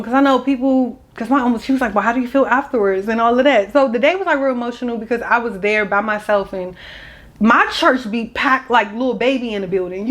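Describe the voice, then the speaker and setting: A woman's voice: sits high, fairly bright tone. A young woman, telling a personal story in a casual, candid and emotional vlog. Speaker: vlogger.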